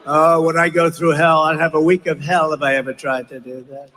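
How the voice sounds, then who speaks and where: A man's voice: a little high, little pitch movement, a little fast, bright, forceful tone, a faint crowd. An older man giving a rambling, repetitive, mocking campaign speech at a large rally. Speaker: political candidate. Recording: long echo of a big rally hall.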